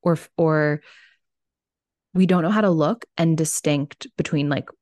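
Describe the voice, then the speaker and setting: Low-voiced blunt woman podcast host. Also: unhurried, darkish tone, dry recording. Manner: candid and blunt, swears freely; acts out little dialogues when telling stories. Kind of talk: casual interview chat.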